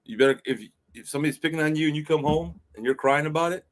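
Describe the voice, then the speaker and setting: This fill-in podcast co-host has a fairly high, racing male voice. Chatting casually, he rambles through stories, swears freely, and leans heavily on filler like "you know."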